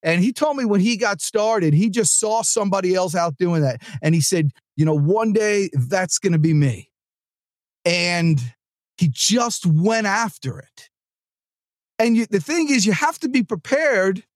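A man hosting a sales podcast, talking in an energetic, rambling, chatty way with asides to his producer. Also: high voice, unhurried, no room sound, clean studio sound. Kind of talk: casual motivational monologue. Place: studio.

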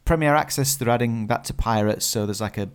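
British guy podcast cohost, rambly, lots of ums, mid pitch. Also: brisk, clear, resonant tone. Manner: rambling, many fillers and restarts. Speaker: podcast co-host. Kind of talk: casual chat.

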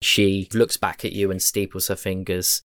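A man from Britain narrating a tabletop game as game master, measured and descriptive. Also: deep voice, flat delivery, fairly bright tone, no room sound.

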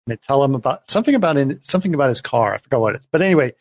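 A man's voice: mid-range voice, animated, rapid-fire. A man hosting a casual watch-party podcast, retelling a show's plot in a rambling way with many restarts. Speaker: podcast host.

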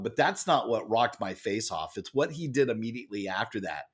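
A man telling a story as a podcast guest, with a loud and lively manner. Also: medium pitch, brisk, breathy edge. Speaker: guest, author and speaker. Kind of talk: animated storytelling in a podcast interview.

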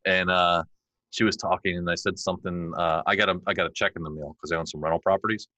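Man in his forties, low-pitched, bright forceful tone, dry close sound, lively storyteller. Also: fast talker, no room sound, low-quality recording. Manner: animated storyteller, acts out his kids' lines. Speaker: podcast guest. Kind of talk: conversational interview.

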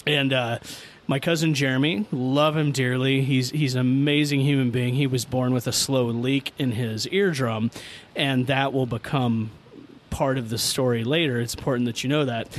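A middle-aged man hosting a podcast, telling a childhood story in a profane, animated way and laughing as he goes. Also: medium pitch, moderate pace. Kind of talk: casual storytelling among friends.

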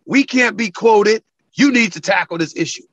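Speaking at a normal pace, a man with a somewhat bright, breathy-edged voice tells animated stories in an interview. The sports TV commentator is emphatic and plays out quoted phone calls with large swings in pitch, recorded without echo and with the highs cut off.

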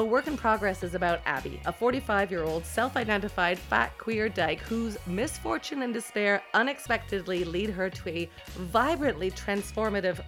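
A woman hosting a podcast, introducing a panel with effusive, excitable energy and playful teasing. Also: mid-range voice. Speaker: podcast host.

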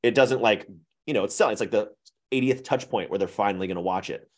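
A man with a very deep voice is a podcast guest, chatting casually. He talks candidly and at length, often restarting his sentences as he thinks. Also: fairly quick. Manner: rambling, candid, self-correcting. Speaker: guest, web series creator.

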